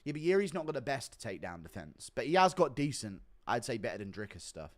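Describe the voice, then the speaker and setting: A young man hosting a live stream with crude, laughing banter. He reads donations out in an offhand, casual way. His pitch sits in a normal middle register. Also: sing-song, quick pace. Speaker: streamer host.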